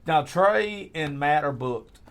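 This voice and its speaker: Hyped, cussing podcast host. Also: male voice, a little high, expressive, slow, fairly bright tone, clean tone. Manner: hyped, profane, plugging shows. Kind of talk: casual podcast chat.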